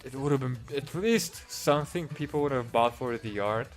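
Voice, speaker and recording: A man's voice: medium pitch, moderate pace, faint music behind. Exasperated, swearing male comics reviewer. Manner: profane, exasperated, sarcastic. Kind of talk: solo review rant.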